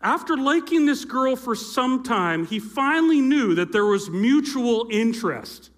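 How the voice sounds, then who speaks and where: Speaking in an extremely high, animated voice without hurrying, a middle-aged youth pastor tells a story during a sermon. He's on a church stage with a live audience, making playful asides, and his handheld or stage mic has feedback.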